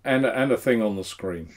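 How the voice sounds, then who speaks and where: A man's voice: mid-range voice, a little mellow, slight background noise. A man hosting a casual live stream, chatty and self-mocking, laughing often. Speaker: host.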